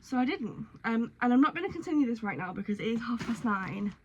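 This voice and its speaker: A woman's voice: a little high, big pitch swings, fast talker, a little mellow, highs cut off, a little hiss or hum. A woman chatting casually in a vlog, rambling and candid with lots of ums. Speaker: crochet vlogger.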